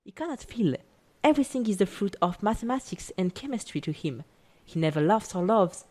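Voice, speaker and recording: A woman narrating a scripted video essay in an even, careful reading voice. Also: mid-range voice, brisk.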